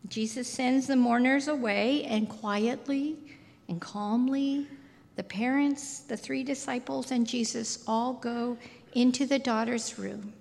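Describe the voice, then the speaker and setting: Slow gravelly woman preaching in a hall. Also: a little high, steady tone. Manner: slow, deliberate, soft intimate delivery. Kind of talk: sermon. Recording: reverberant hall.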